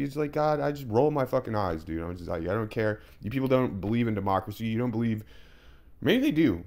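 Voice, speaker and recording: Low-voiced man, profane rambling commentary. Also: lively intonation, brisk, a little mellow. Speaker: commentator reacting to a podcast. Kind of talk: casual reaction commentary.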